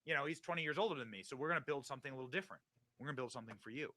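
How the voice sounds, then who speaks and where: Bright, hyped male stream host. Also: mid-range voice, very fast. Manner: hyped, preachy, swings from loud to hushed. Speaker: show host. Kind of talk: casual livestream talk.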